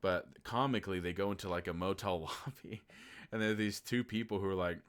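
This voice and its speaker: Man, from Oklahoma, low voice, casual movie review, animated, sarcastic, swears. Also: a little fast. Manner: acts out incredulous reactions in a raised voice.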